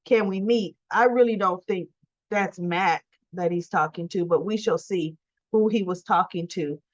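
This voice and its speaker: A woman's voice: lowish voice, unhurried, no room sound. A woman casually recapping a soap opera episode and acting out the characters' lines as she goes. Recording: dry, slightly dull recording.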